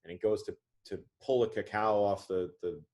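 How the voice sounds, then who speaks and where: A man's voice: lowish voice, moderate pace, darkish tone. A man in his thirties, an author and interview guest, telling a story animatedly with frequent restarts.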